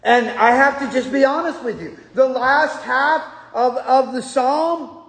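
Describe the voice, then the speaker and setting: High slow male pastor preaching, folksy asides, big echoey church. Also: fairly bright tone. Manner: folksy, joking asides to the congregation. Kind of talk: sermon. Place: church sanctuary. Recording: echoey hall.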